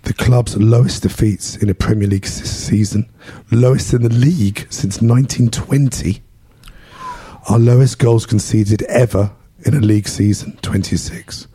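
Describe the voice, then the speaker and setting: A man with a London English accent hosts a casual podcast, his voice hoarse and rough after losing it. He sounds dark and mellow, recorded close and dry. He is self-deprecating and laughs easily. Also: on the low side, steady tone, normal speed, no room sound. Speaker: podcast host.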